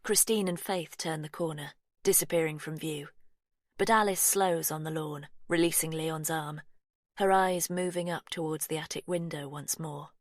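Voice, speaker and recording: Low-voiced woman narrating a story. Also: fairly even intonation, normal speed, dry recording, studio quality. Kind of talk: scripted audiobook narration.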